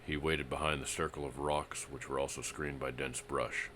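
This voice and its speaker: A man with an extremely deep voice narrates a vintage pulp western in a steady, dramatic reading. His delivery is measured and storytelling in tone. A faint hiss sits under the recording.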